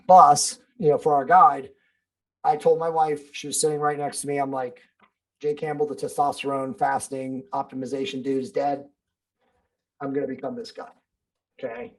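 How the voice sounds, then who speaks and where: A man's voice: fairly high pitch, low-quality recording. Blunt, emphatic man swearing freely. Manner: emphatic and blunt, swears, calls listener bro and dude. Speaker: podcast guest. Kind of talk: casual interview talk.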